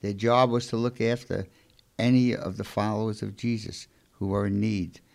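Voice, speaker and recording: Man, Brooklyn accent, low gravelly voice, hesitant with ums, warm toward co-host. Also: little pitch movement. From Brooklyn, New York. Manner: halting, many fillers, affectionate. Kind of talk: casual faith talk.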